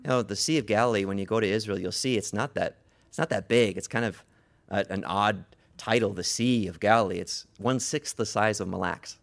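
A man preaching a sermon, retelling a story dramatically, swinging from hushed words to loud cries. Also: lowish voice, brisk, vocal fry.

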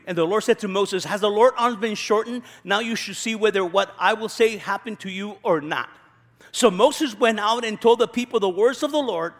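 Man, pastor, sermon, high voice, acts out quotes, sarcastic asides, long hall reverb. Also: fairly bright tone. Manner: reads scripture then preaches with sarcastic asides.

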